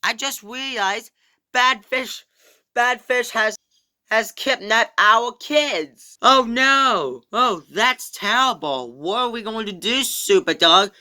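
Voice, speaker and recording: A man's voice: extremely high pitch, expressive, takes it slowly, sharp tone, voice pushed up, exaggerated voice. A man voicing frightened young kids in a homemade toy play, with alarmed, stumbling exclamations.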